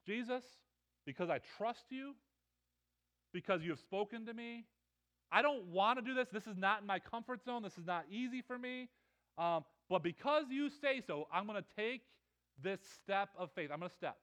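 A man's voice: high-pitched, lively intonation, moderate pace, a bit bright. A man acting out a tired, exasperated fisherman, pleading in a raised voice. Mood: frustrated. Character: weary frustrated fisherman, grown man.

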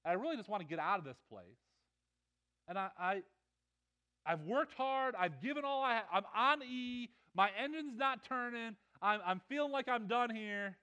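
Preacher doing a worn-out grown fisherman, high, exasperated, pleading. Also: big pitch swings, a little fast, long pauses, fairly bright tone. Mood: frustrated. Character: weary frustrated fisherman, grown man.

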